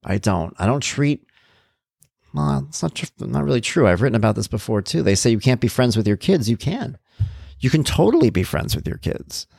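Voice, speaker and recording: A man's voice: mid-range voice, very animated, moderate pace, creaky, a little mellow, no room sound, studio quality. A middle-aged man earnestly telling his own life story as a parent, candid and reflective. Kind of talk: personal storytelling.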